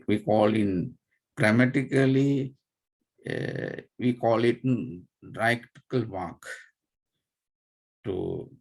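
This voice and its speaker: Slow, gravelly Sri monk teaching. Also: male voice, fairly low pitch. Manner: patient, spells out terms letter by letter, many fillers. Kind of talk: slow dharma class lecture.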